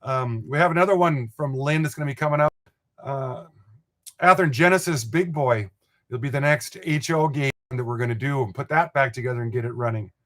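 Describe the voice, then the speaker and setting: A man's voice: mid-range voice, a little fast, fairly bright tone. An older man from Montana hosting a live model train stream, chatting in a rambling, folksy way and chuckling as he reads viewer comments. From Montana, USA.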